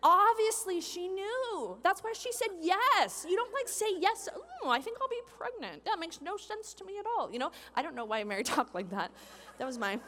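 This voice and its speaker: A woman giving a sermon as a pastor, animated, acting out the people in the story she tells. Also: very high-pitched, long reverb tail. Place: church hall with a congregation.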